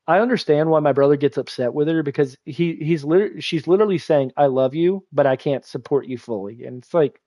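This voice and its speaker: A man's voice: on the high side, warm tone, no echo. A young adult man streaming a game, telling a rambling personal story in casual chat and swearing now and then. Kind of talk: casual livestream chat while gaming.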